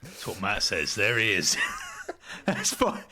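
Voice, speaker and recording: A man's voice: lowish voice, wildly swooping pitch, slow, bright, forceful tone, breathy edge. A British man co-hosting a podcast, sleepy and hesitant, full of ums and restarts. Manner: hesitant, many fillers and restarts, sleepy and yawning. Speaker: podcast co-host. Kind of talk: casual podcast chat.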